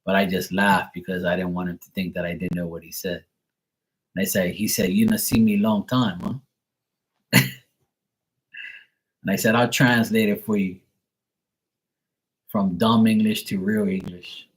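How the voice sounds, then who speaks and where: Homem de voz grave, conversa solta e desbocada. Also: male voice, sits low, flat delivery, moderate pace, pauses often. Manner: loose, profane and laughing, imitates accents. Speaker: live tarot reader and streamer. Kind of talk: casual live-stream chat.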